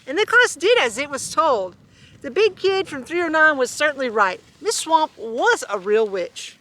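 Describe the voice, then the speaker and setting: A woman reading a children's storybook aloud, animated and chuckling with asides. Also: high-pitched, moderate pace. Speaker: storybook reader.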